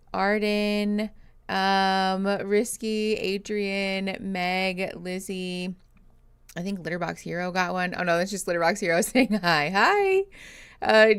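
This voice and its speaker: Chatty woman streamer, smooth dry voice. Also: medium pitch, takes it slowly, dry recording. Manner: chatty, laughs often, greets viewers by name. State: tired and yawning. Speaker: therapist streaming reactions. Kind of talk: casual livestream chat reading comments.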